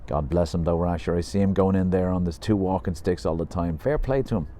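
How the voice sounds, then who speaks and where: A man's voice: low voice, brisk, warm tone, a little hiss or hum, close to an everyday voice. A man doing Porrig, a good-natured regular. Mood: easygoing.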